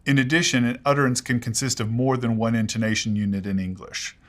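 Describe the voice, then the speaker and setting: A man explaining English pronunciation in a lesson, measured and precise, giving spoken examples. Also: mid-range voice, flat delivery.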